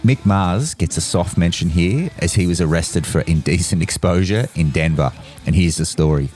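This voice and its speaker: A man hosting a rock music podcast, reading out a scripted rundown in a brisk, list-reading delivery. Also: low voice, darkish tone. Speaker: podcast host. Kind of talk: scripted narration.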